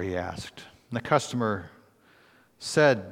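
A man, a pastor, preaching a sermon, reading scripture, then telling a story in an earnest, halting way with pauses and restarts. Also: medium pitch, lively intonation, big-room sound.

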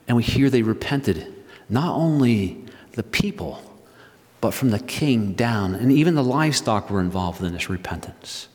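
Pastor type, mid-pitched man, emphatic sermon delivery with stretched-out key words, long hall echo. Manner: emphatic preaching, retelling scripture with rising and slowing stresses.

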